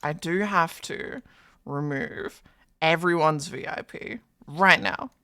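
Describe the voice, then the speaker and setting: An unhurried live streamer chatting with viewers, calling out names one after another and swearing freely. The delivery is playful and mock-dramatic, hyping things up and then undercutting them. The sound is dry, with no room around it. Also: mid-range voice, pushed and bright, clear, resonant tone, dry recording. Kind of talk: casual live-stream chat.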